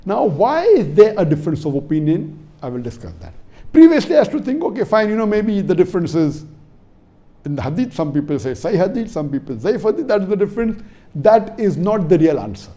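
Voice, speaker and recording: Delivering a religious lecture, this Indian Islamic preacher speaks briskly in a high-pitched, warm voice that swings widely in pitch. He repeats himself for emphasis, quizzes his audience, and spells out words letter by letter.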